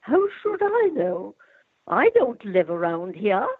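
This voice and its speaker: An older woman voicing a haughty highbrow British duchess over a phone line, lofty and dismissive. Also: sing-song, takes it slowly, breathy edge, no room sound, full character voice.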